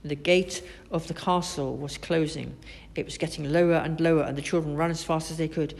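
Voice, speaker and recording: A woman reading a children's storybook aloud, expressive and animated. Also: low voice, fairly quick, gravelly. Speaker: narrator.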